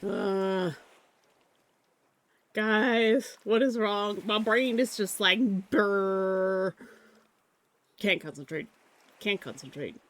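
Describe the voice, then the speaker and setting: This is a live streamer in casual chat while drawing, with a voice of middling pitch. The talk rambles and drifts between thoughts. The streamer is easily distracted and makes light fun of themself. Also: slow, pauses often, fairly bright tone. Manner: rambling, distracted, self-mocking.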